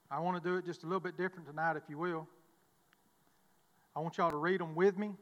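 A man giving a halting, folksy, self-deprecating testimony from the pulpit of a church. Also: sits high, a bit bright, in a large hall. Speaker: preacher. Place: church sanctuary.

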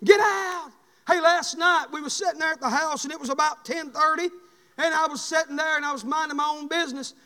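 A male preacher, praying and then preaching a fiery sermon, chanting his phrases and punctuating them with "hey" as he builds to shouts. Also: very high-pitched, fairly even intonation, fast. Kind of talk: fiery sermon with opening prayer. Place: church sanctuary. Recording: long reverb of a church hall.

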